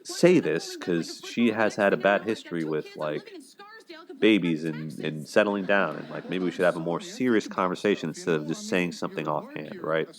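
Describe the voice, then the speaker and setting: A man's voice: deep voice, moderate pace, a crowd in the background. A man giving casual, rambling commentary on a TV couple's fights, with many fillers, sometimes acting out their lines. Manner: rambling, frequent fillers, acts out quotes. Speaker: relationship commentator.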